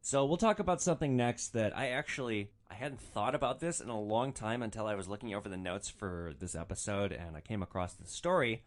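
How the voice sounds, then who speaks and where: A man hosting a podcast, telling rideshare stories in an animated, profane, exasperated way. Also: lowish voice, a little fast, hardly any pauses. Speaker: podcast host, rideshare driver. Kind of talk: comic storytelling.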